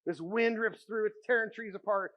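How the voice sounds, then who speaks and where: A man preaching a sermon as pastor, telling stories with animated energy and dropping to a hush for quiet moments. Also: high voice, fairly quick, dull audio. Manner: animated storytelling, drops to a hushed voice for quiet moments.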